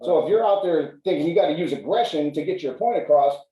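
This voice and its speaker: A man's voice: a little high, animated, fast, warm tone. A man hosting a casual podcast chat, philosophizing in a profane, frank way. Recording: roomy sound, mic at a distance.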